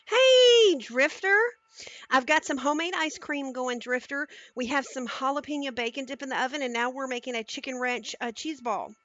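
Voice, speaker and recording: A woman's voice: sits high, steady tone, fairly quick, hardly any pauses, a bit bright, no echo. A woman cooking on a live stream, chatting casually and talking viewers through each step into a headset mic in her home kitchen.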